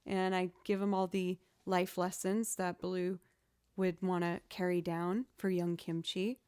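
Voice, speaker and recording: A woman's voice: on the low side, measured pace, clear, resonant tone, no room sound. Chatty woman streamer, dry close sound. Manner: chatty, expressive storyteller who acts out quoted reactions. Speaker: livestream host answering viewer questions. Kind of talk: casual chat.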